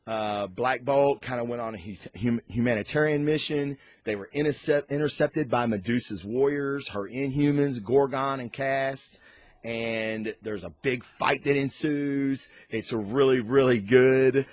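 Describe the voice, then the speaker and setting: A man giving a casual, excited comic book review on camera, rambling off on tangents and swearing freely. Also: mid-range voice, measured pace, dry recording. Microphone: recorded on camera.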